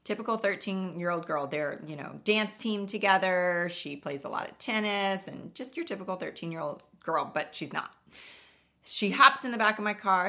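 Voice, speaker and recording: A woman's voice: mid-range voice, animated, moderate pace, sharp tone. A woman podcast host telling stories in an earnest, emphatic, conversational way. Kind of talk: casual storytelling monologue.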